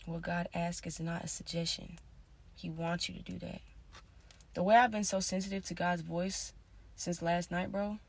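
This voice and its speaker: A woman talking in a casual confessional monologue, rambling and slangy with constant fillers, drifting between soft mutters and louder bursts. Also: on the low side, steady tone, moderate pace, vocal fry. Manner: rambling, slangy, many "like" and "you feel me". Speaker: vlogger.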